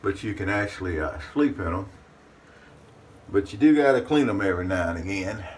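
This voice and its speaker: Folksy low-voiced man, distant mic. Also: lively intonation, a little fast, darkish tone. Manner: folksy, talks about himself in third person. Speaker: shaving channel host. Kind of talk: casual chat to camera. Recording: distant mic with faint room noise.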